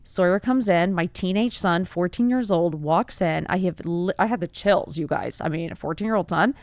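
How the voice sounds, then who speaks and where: Earnest woman host, low voice. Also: moderate pace, no room sound. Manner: earnest, rhetorical questions, rising to emphatic bursts. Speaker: podcast host. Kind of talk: motivational monologue.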